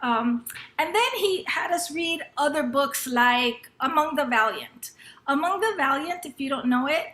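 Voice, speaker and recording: A high, bright woman's voice, middle-aged and from Los Angeles, recounts a personal story at an educators' event. She talks loosely, with fillers and restarts, and acts out a teacher's lines. The sound has a noticeable room echo. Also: expressive, measured pace. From Los Angeles, United States. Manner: conversational, with frequent fillers and restarts. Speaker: panel speaker at an educators' summer institute.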